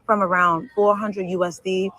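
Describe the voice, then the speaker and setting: A woman's voice: mid-range voice, little pitch movement, moderate pace, a bit bright, poor audio. A woman teacher talking casually in a vlog while eating her lunch.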